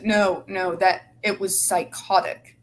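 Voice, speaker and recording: A woman's voice: mid-range voice, little pitch movement, slow. A woman hosting a casual group chat, heated, indignant and swearing freely. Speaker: host.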